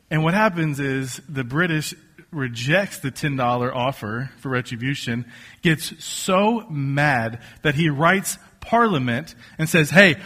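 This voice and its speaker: A man preaching a casual, joking sermon to a congregation, telling stories with lively asides. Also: mid-range voice, slightly rough. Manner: conversational, joking, animated storytelling. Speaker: pastor. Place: church stage before a congregation.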